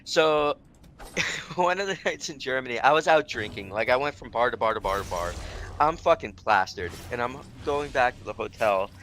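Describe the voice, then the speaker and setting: An American man tells a rambling story on a game stream, his voice bright and forceful. He laughs through his words, swears freely and leans on "like" constantly. A faint hum of noise sits behind him. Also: medium pitch, moderate pace. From United States. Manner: animated, laughs often, swears, many "like" fillers. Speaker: streamer, host. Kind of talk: casual storytelling while playing a game.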